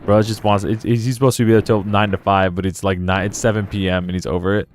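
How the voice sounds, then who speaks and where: A young gaming streamer with a lowish voice talks fast in a flat delivery, with slight background noise. He rambles through stories and laughs a lot while playing a video game in casual let's play commentary.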